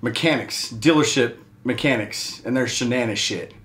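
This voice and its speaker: A man's voice: medium pitch, moderate pace, fairly bright tone, roomy sound. A man hosting his show, telling a heated, profane story in a casual rant. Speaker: show host. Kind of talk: casual ranting monologue.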